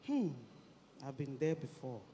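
An actor playing a calm man who quietly reassures a heartbroken stranger. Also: a little high, a little slow, in a large hall, slight background noise. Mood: soothing.

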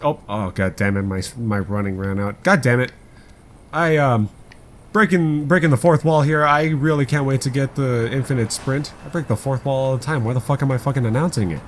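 A man doing excitable let's play commentary, rambling and swearing often. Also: mid-range voice, brisk, slight background noise. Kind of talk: gameplay commentary.

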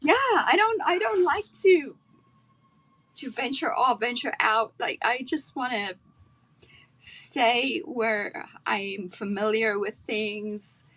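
Woman from south africa on a video call, kinda high voice, talks slow and lively about her acting days. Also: low-quality recording. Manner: animated storyteller, acts out her own accent. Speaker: guest actress. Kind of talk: casual interview chat.

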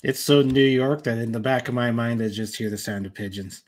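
A man's voice: medium pitch, fairly quick. A man co-hosting a casual live stream, speaking in a laid-back, encouraging way. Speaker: co-host.

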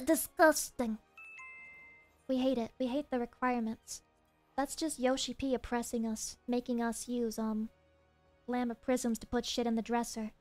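A young woman with a Southern US accent, chatting casually with viewers while streaming a game, animated and swearing freely. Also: dry recording. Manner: animated, swears a lot, jumps between high playful voices and low mutters. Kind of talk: casual live-stream chat while gaming.

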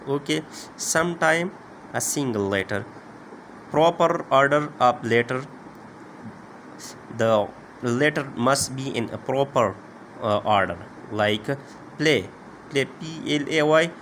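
Slow, halting man teaching grammar. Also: medium pitch, a bit bright, a little hiss or hum. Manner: slow, halting, many "uh" and "okay" fillers. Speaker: English teacher. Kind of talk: explaining grammar lesson.

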